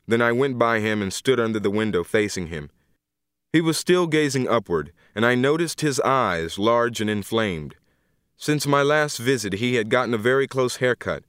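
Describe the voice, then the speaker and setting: A man narrates a first-person story in an unhurried, grave way. His voice sits on the low side, and the recording is dry and close, with no room sound. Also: a bit bright, clear, resonant tone, dry recording. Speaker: audiobook narrator.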